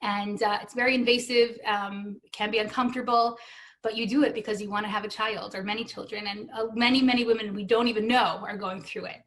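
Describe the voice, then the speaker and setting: A woman in her thirties, a guest at a benefit stream, gives an earnest, emotional personal testimony, acting out what others said to her. Her medium-pitched voice is a bit bright, a little fast, and fairly even in intonation.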